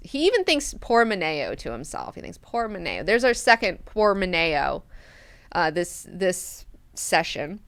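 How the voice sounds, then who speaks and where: Woman book club host, casual profane recap, smooth voice, dry close sound. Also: lowish voice, no room sound. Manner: animated, profane storytelling.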